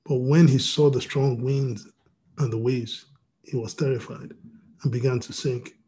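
A pastor reading scripture and preaching over a video call, with frequent restarts and "you know". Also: male voice, medium pitch, steady tone, unhurried, mellow, slightly rough.

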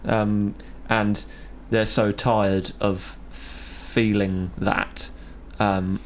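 A man's voice: lowish voice, flat delivery, extremely slow, slight background noise. A young man hosting a podcast, chatting easily about faith and often laughing. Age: young adult. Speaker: podcast host. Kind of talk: casual chat on faith.

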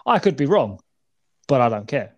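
A man chatting on a casual podcast, rambling and swearing a lot with animated delivery. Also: medium pitch, moderate pace, lo-fi sound. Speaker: podcast co-host.

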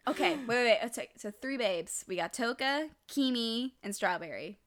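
A woman's voice: fairly high pitch, expressive, moderate pace, a bit bright. A young woman co-hosting a podcast, chatting casually and teasingly about an anime and explaining it to listeners. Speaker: podcast co-host. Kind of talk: casual anime review chat.

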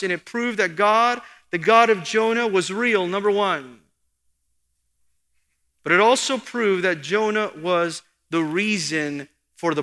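Male pastor, earnest sermon delivery with emphatic lifts, bright tone, reverberant hall. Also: high voice. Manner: earnest preaching, rising for emphasis. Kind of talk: expository sermon.

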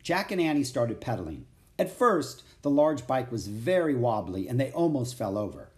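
A man reads a children's chapter book aloud, his storytelling voice clear and steady at a moderate pace. His middling register carries lively pitch movement through the narration.

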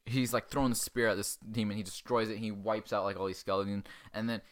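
Crude sarcastic low-voiced man recapping. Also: little pitch movement, fairly bright tone. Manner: crude, sarcastic, acts out characters in quick asides. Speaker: podcast host. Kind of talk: profane comic film recap.

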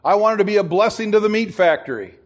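A man's voice: high-pitched, animated, fast talker. A middle-aged man preaching a sermon as pastor, telling stories and acting out the people in them. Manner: storytelling, acts out quoted voices, chuckles at himself.

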